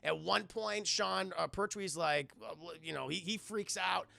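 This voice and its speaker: Gravelly high-voiced man chatting on stream. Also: unhurried, sharp tone, dry recording. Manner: rambling, profane, laughing, acts out scenes. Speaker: streamer reviewing a film. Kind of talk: casual livestream chat.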